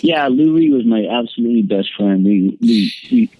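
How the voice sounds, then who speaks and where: A man, a podcast guest, telling a candid personal story in a lively way, his voice leaping up whenever he quotes himself. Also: moderate pace, gravelly, background noise. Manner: animated storyteller, jumps high when quoting himself. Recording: dry, tinny phone-like line.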